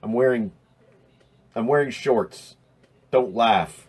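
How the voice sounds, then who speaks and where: Guy rambling through viewer questions on his live stream, jokey, mid-pitched voice. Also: slow pace, breathy edge. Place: indoors next to a window.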